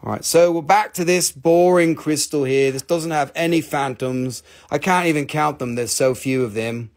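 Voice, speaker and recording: A man's voice: a little high, moderate pace. A man hosting a live crystal sale, rambling and joking with crude humor and playful put-on voices. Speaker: host selling crystals on a live stream. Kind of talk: casual live sales chat.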